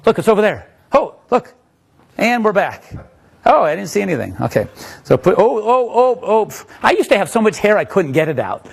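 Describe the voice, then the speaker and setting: A man's voice: high voice, big pitch swings, normal speed, gravelly, husky. A man giving a live magic lecture, playful and joking with the audience as he demonstrates tricks.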